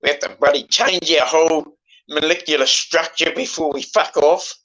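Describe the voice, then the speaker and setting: A man in his sixties in casual conversation, emotional and halting, swearing often as he talks. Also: a little high, fairly even intonation, a bit bright, muffled recording. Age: 60s.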